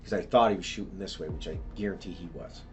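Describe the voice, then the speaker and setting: A man's voice: low voice, fast, background noise. A middle-aged man recounting events to a detective in a police interview, in a tumbling, repetitive way with many restarts. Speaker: witness being questioned by police.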